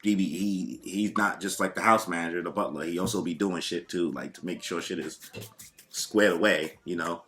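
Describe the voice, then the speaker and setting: Deep-voiced man in loose casual chat. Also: moderate pace, fairly bright tone. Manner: laid-back, loose and profane, lots of fillers. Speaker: podcast guest.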